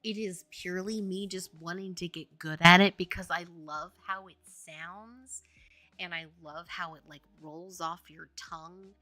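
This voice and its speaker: A young woman hosting a livestream and chatting casually. She is animated and giggly and gushes with enthusiasm. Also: fairly low pitch, a little slow, no room sound. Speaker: indie game developer and stream host.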